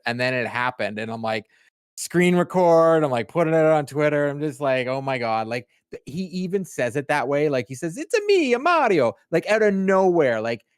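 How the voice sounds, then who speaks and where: Excitable man chatting on a podcast. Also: mid-range voice, clear, resonant tone, dry recording, studio quality. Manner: animated, stumbling restarts. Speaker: podcast co-host. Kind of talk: casual podcast chat.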